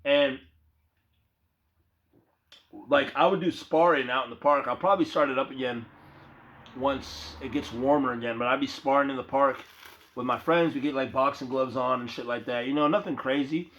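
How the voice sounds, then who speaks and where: A man's voice: mid-range voice, steady tone, brisk, a bit bright. A young man in a loose, profane, rambling vlog monologue, talking casually to his viewers. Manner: loose, profane, slangy, calls viewer bro. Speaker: vlogger. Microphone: phone. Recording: dull lo-fi phone audio.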